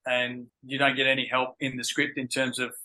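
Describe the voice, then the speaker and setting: Bright-voiced Australian man, reflective guest. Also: mid-range voice, completely flat delivery, fairly quick, poor audio. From England, moved to Australia at ten. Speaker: guest actor. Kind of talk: casual interview chat.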